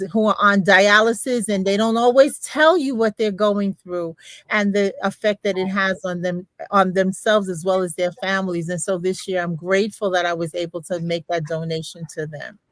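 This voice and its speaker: An older woman, a grandmother and beauty consultant, chatting on a livestream in an animated, emphatic storytelling manner. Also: medium pitch, moderate pace, no room sound. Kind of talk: livestream testimonial chat.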